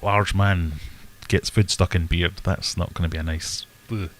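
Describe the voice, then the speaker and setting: A man's voice: low-pitched, steady tone, measured pace, slight background noise. A man hosting a casual livestream, chatting in a rambling, self-deprecating way and answering viewer questions. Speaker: livestream host. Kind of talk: casual live chat. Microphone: desk webcam setup.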